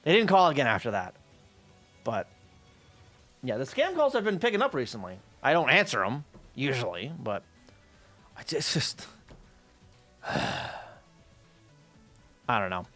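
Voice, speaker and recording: In a casual streaming chat, a man narrates a story with animated profanity, performing the voices of those in it. His mid-range voice moves unhurriedly with long pauses over soft background music.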